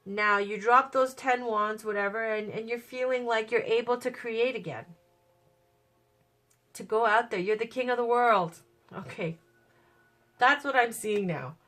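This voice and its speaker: Chatty woman with a hoarse cold voice. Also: a little high, unhurried, pauses often, a bit bright. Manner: chatty, upbeat, thinks aloud. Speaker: tarot reader. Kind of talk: casual tarot reading.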